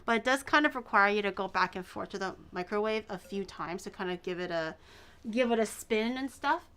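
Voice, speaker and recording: A woman's voice: mid-range voice, lively intonation, fairly quick, sharp tone, smooth. A woman streaming herself cooking at home, chatting casually in a rambling way with exaggerated reactions. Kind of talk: casual livestream chat.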